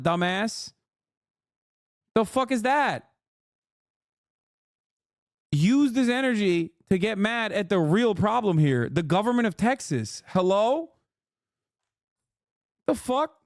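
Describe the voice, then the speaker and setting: A man with a notably high voice reacts to a video on stream, sarcastic and swearing freely. The sound is dry and close. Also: no echo. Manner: heated, profane, sarcastic rants. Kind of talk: casual reaction commentary.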